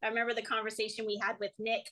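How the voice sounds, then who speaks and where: A woman guest in an interview, telling lively stories, often laughing and acting out the voices of the people she quotes. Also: on the high side, rapid-fire, poor audio. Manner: animated storyteller, laughs often. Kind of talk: casual storytelling interview.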